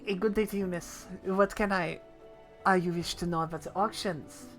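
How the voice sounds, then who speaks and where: A woman's voice: fairly low pitch, steady tone, normal speed, faint music behind, close to an everyday voice. A woman reading the lines of a formal game official who speaks in stiff, official phrasing. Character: formal official explaining a land auction.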